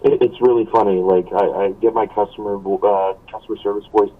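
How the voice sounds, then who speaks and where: A man calls in to a talk show and chats easily, tossing in dry, wry remarks. His voice is somewhat low, and it comes through a thin, tinny phone line. He also sounds set back from the mic. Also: steady tone, a little fast, far from the mic. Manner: chatty, wry, drops asides. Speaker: caller. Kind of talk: casual phone chat. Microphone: phone call.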